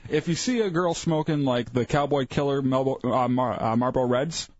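A male radio co-host with a husky, breathy voice who trades crude jokes and laughs often. The sound is dry and close, with a dull lo-fi radio tone. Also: mid-range voice, normal speed, no room sound. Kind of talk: casual radio banter.

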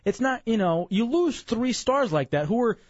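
A young man from Dallas talks in a slightly husky voice that swings lively up and down. He rambles and jokes, tired and a bit worn out. The recording is dull and lo-fi, with a dry room sound. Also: extremely high pitch, normal speed, no room sound. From Dallas, Texas. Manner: rambling, animated, joking. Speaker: podcast host. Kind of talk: casual chat.

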